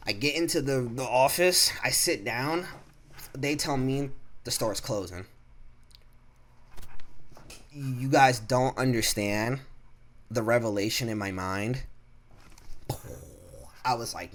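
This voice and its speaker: A man's voice: mid-range voice, takes it slowly, pauses often. A man in his twenties telling a casual storytime monologue. He swears freely, leans on fillers and restarts, and acts out what people said. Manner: profane, animated, lots of fillers and restarts, acts out quotes. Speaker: vlogger.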